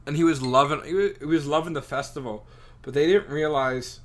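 A man's voice: fairly high pitch, fairly quick. Rambling young man telling a story. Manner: rambling, filler-heavy storytelling with many "like"s. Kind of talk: casual chat.

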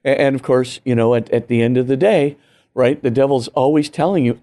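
A man's voice: medium pitch, steady tone, brisk, warm tone. A man, a priest, explaining earnestly and emphatically in an interview, full of "you know" and "right?" asides. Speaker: priest and guest author. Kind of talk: animated teaching talk in an interview.

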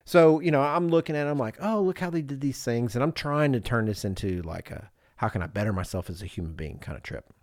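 Lower-voiced man telling a story. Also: fast talker, hardly any pauses, no room sound, clean studio sound. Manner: animated storyteller, does voices of people in the story. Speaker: podcast co-host. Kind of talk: casual storytelling chat.

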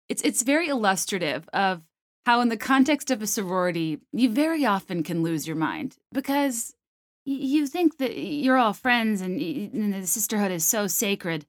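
A young adult woman hosting a solo comedy podcast, talking in an animated, sarcastic way and slipping into mocking voices. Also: mid-range voice, no echo, studio quality. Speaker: podcast host.

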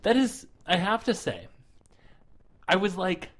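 A man's voice: high voice, big pitch swings, slow, a bit bright. A man co-hosting a podcast, chatting casually and making playful jokes. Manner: playful, punning. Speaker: podcast co-host. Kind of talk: casual chat.

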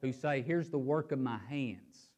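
A man's voice: medium pitch, unhurried. A man preaching a sermon and reading scripture aloud. He swings his emphasis up and down and repeats words as he thinks aloud. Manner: animated, rising and falling emphasis.

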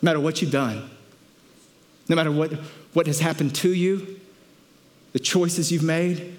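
A male pastor delivering a lively sermon, with a voice sitting a little high for a man. He tells the story with energy, slipping into playful voices for the characters and the crowd. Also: measured pace. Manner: animated storytelling, acting out crowd voices with laughter.

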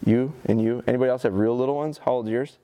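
A man in his forties giving a live dog training seminar, telling stories in an animated, folksy way and speaking to the audience. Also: medium pitch, quick pace. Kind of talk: live seminar talk with demonstration. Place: seminar hall at an outdoor show.

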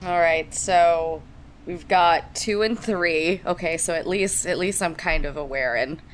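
A woman with a fairly low voice narrates her character's moves in a tabletop game, joking as she goes. It is recorded remotely, with a faint hiss behind her. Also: a little slow. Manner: playful, jokey. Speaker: player.

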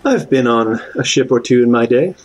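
A man's voice: mid-range voice, expressive, moderate pace, muffled recording. A man playing a tabletop game, speaking politely with some hesitation. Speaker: player.

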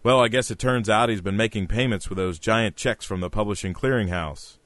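A man hosting a scripted comedy podcast, delivering one-liners deadpan. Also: fairly low pitch, brisk, no echo. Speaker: podcast host.

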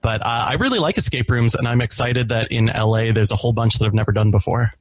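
A man guesting on a casual podcast chat, easygoing, laughing often and pausing to search for words. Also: mid-range voice, a little hiss or hum.

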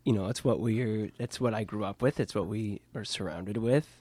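A puppeteer from Kansas is the guest in a casual interview, chatting in his puppet studio. His fairly low voice is mellow with a breathy edge, moves at a moderate pace, and has no room sound, and he's self-deprecating and laughs frequently.

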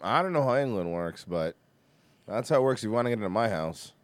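A man's voice: fairly low pitch, lively intonation, fast talker, no room sound. A man co-hosting a show, chatting casually and joking while reacting to clips. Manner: joking, does a mock British accent. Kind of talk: casual chat.

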